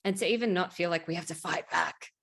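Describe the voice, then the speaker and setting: A woman's voice: on the low side, quick pace, a bit bright, no echo, clean studio sound. A woman hosting a podcast, speaking in a candid, casual chat and swearing freely. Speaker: podcast host. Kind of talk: casual conversation.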